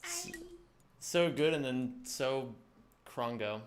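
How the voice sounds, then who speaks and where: A man's voice: mid-range voice, wildly swooping pitch, slow, heavy background noise. A young man streaming a speedrun, chatting casually and joking with a rambling, giggly manner. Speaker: game streamer. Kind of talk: casual chat while speedrunning a game. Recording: game music behind.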